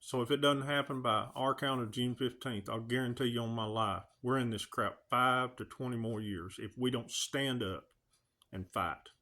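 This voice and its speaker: A man's voice: medium pitch, moderate pace, bright, forceful tone. A man, ranting earnestly to his channel's viewers, pleading and firing off rhetorical questions. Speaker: video channel host. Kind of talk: emotional direct-to-camera rant.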